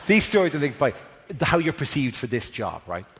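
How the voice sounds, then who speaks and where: A man with an Irish accent performing a stand-up routine on a theatre stage, rambling quickly and acting out little scenes. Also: mid-range voice, sing-song, a bit bright. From Ireland. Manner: rapid rambling delivery with acted-out bits. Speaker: stand-up comedian. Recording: live theatre with noise.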